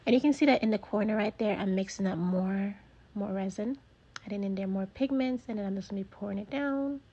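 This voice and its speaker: Breathy woman narrating a craft voiceover. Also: medium pitch, fairly quick, mellow, lo-fi sound. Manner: chatty and enthusiastic, repeats herself. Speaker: crafting video creator. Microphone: voiceover mic.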